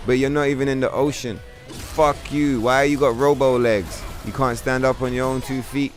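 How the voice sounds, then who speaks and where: A male streamer talks through a boss fight in casual, excitable bursts, cursing at the enemy and chatting to his viewers. His voice sits at an ordinary middle pitch. Faint game music plays underneath. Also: normal speed. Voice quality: profane, trash-talking, excitable. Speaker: streamer playing a video game. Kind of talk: live gameplay commentary.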